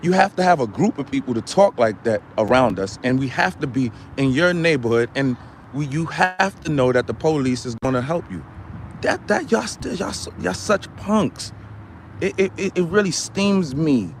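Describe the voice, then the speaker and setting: A man puts on a boastful, hot-tempered ranter with a somewhat high voice that lurches between low mutters and sudden yells. He repeats himself constantly and talks in a comedic stream rant. A faint hum of outdoor traffic sits underneath. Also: animated, moderate pace. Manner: ranting, repetitive, swinging from mutters to yells. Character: loud boastful ranting man, quick to anger.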